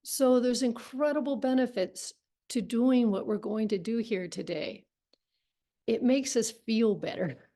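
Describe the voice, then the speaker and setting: A woman leading a healing writing workshop on a video call, speaking in a gentle, encouraging and reflective way. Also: fairly high pitch, measured pace.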